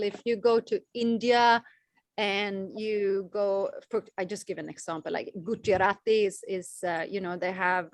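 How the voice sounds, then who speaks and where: A woman leading an online class over a video call, talking slowly with many fillers and restarts. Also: a little high, no room sound. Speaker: class organizer. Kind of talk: casual online class talk.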